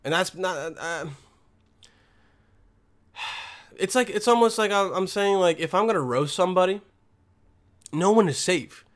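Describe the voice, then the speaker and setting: A man talks alone in a rambling, foul-mouthed monologue, often losing his thread and starting over. He is blunt and combative, and his voice sits fairly high for a man. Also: expressive, measured pace, long pauses. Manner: crude, rambling, loses his thread, heavy swearing.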